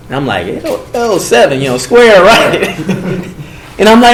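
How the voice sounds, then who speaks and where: Man, animated storyteller, gang prevention talk, fairly high pitch, roomy echo. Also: normal speed. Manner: animated, acts out quotes with swings in pitch and volume. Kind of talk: storytelling to a group. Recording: echoey room with faint noise.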